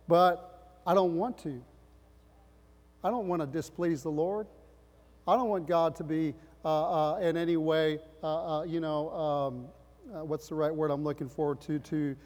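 A man preaching a sermon as pastor, impassioned, swinging from loud emphatic lines to quiet earnest ones. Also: on the high side, big-room sound.

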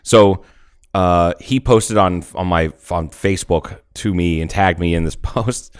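A man co-hosting a podcast, trading casual jokes and laughing as he talks. His usual voice sits fairly low, though he leaps up high for gags. The sound is dry and close to the mic, with no room around it. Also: a little slow, smooth, no room sound. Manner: joking, laughs often, bursts into high-pitched bits. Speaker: podcast co-host.

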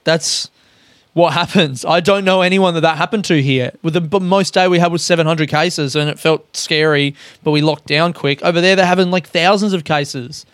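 A man's voice: a little high, steady tone, normal speed, fairly bright tone, dry recording, studio quality. An Australian man talking in a loose, rambling solo monologue as a podcast host, swearing often and poking fun at himself. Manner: sweary, rambling, self-mocking.

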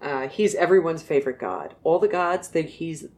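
A woman with a low-pitched voice, hosting casual chat. She retells myths in a jokey storyteller manner, slipping into silly voices for the characters. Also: sing-song, normal speed, darkish tone. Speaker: podcast host retelling myths.

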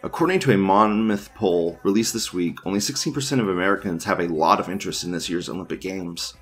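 A husky male voice that sits low and moves quickly. As host of an internet news show, he reads forum posts in a casual way and riffs on them crudely, rambling, laughing a lot, and restarting what he says.

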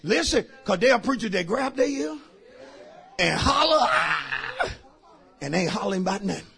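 High, shouting preacher man. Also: animated, fairly quick, vocal fry, breathy edge. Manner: preaching in bursts, shouting then dropping to quiet asides. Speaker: pastor. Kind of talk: shouted call-and-response sermon. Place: church sanctuary.

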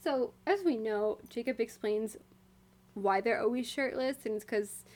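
A woman's voice: on the high side, measured pace, darkish tone. A woman co-hosting a casual book chat, reasoning things through and quoting passages. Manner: thoughtful, laughs easily, reads quotes aloud. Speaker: co-host of a book discussion.

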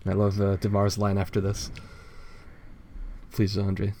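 A laid-back man with a fairly low voice talks through a comic page by page. He swears casually and laughs easily, and his delivery stays relaxed. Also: a little slow, a little hiss or hum. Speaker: podcast co-host. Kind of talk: casual chat reviewing a comic.

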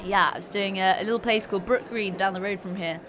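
A woman founder answering interview questions, friendly and a bit halting, at a trade show. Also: mid-range voice, fairly bright tone. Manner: friendly, halting with fillers, laughs easily. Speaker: guest, small food business founder.

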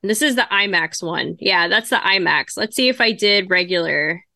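A woman's voice: mid-range voice, lively intonation, normal speed, creaky, pushed and bright, no room sound, studio quality. A woman co-hosting a podcast in casual chat, thinking aloud as she goes. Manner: chatty, thinks aloud while browsing ticket sites. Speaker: podcast co-host.

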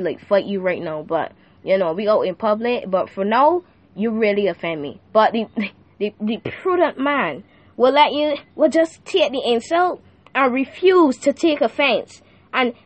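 A woman's voice: high-pitched, no room sound. A young woman hosting a faith podcast who teaches in a casual, slangy way and keeps asking the listener "right?". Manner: animated, laughing, asks the listener "right?" often; slangy and playful. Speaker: youth podcast host.

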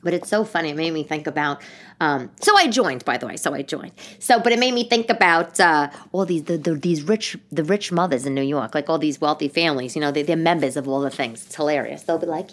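A woman's voice: low-pitched, brisk. A woman in her thirties hosting a casual solo podcast, rambling through stories and acting out other people's voices. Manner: animated, rambling storyteller who acts out voices. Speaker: podcast host.

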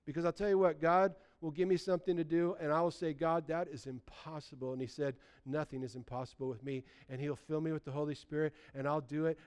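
High-voiced pastor in his sixties preaching. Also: clean tone. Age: 60s. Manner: animated, swings between loud bursts and quiet asides. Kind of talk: sermon.

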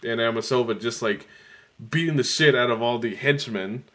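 A man in casual movie review chat, recapping plot in a relaxed, laid-back way. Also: medium pitch, normal speed.

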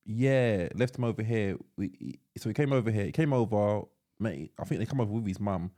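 A young man co-hosting a podcast, asking probing questions and pausing with frequent ums. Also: on the low side, mellow. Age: young adult. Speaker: podcast co-host. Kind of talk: casual chat.

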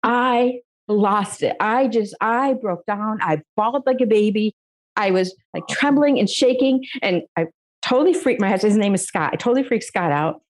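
A woman's voice: mid-range voice, moderate pace. A middle-aged woman from the United States, a guest giving an emotional personal faith testimony, earnest and laughing at times.

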